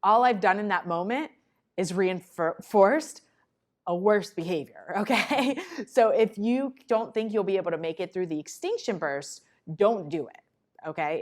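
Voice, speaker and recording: A woman giving a conversational conference talk to parents, breaking into quick acted asides. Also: lowish voice. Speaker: conference presenter on child behavior. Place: conference room.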